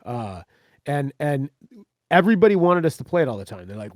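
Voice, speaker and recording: A man's voice: mid-range voice, sing-song, a little fast, no echo, studio quality. A man, a guest on a podcast, telling stories in a wry, profane, casual way. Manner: wry storyteller, swearing. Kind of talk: casual chat.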